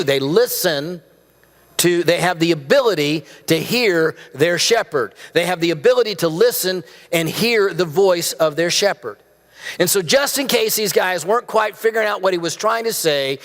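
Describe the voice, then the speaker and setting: High-voiced male pastor preaching. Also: fairly bright tone. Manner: conversational preaching with rhetorical questions and humor. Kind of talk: sermon. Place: church sanctuary. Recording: church hall with long reverb.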